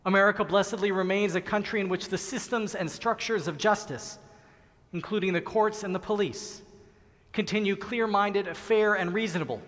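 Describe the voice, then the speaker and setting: A middle-aged man giving an earnest, measured sermon as a rabbi, with slow, emphatic pauses. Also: sits high, fairly bright tone. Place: large synagogue sanctuary. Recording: long reverb of a large hall.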